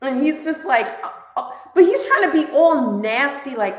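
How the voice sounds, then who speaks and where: A woman's voice: high voice, normal speed, reverberant. A woman co-hosting a podcast in casual chat, telling stories and acting out both sides of the dialogue. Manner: animated storyteller acting out dialogue. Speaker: podcast co-host.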